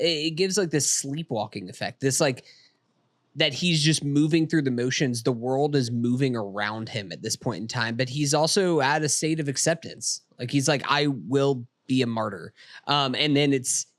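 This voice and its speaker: A man's voice: medium pitch, normal speed, fairly bright tone, dry recording, clean studio sound. A man hosting a casual film podcast, talking earnestly and circling back on his thoughts. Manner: earnest, rambling, restarts a lot. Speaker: podcast host.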